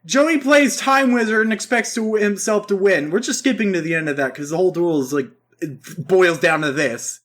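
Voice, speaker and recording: High-voiced man recapping in a ramble. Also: moderate pace, few pauses, fairly bright tone. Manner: rambling, self-interrupting. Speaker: podcast co-host. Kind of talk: casual chat.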